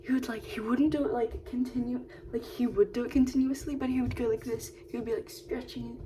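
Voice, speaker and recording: A woman's voice: a little high, fairly even intonation, a little fast, dark tone, slight background noise. A woman telling stories in a casual vlog, rambling with lots of "like" and restarts.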